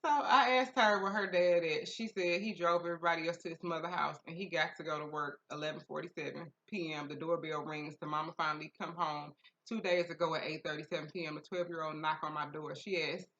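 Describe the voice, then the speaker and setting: A woman podcast host reading a listener's story aloud in a casual, profane way, breaking into loud laughter and shrieking asides. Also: low-pitched, fairly even intonation, brisk, highs cut off.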